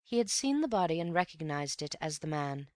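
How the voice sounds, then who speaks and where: Low-voiced woman narrating a classic. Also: no echo, studio quality. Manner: even, measured storytelling. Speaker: audiobook narrator. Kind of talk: scripted narration.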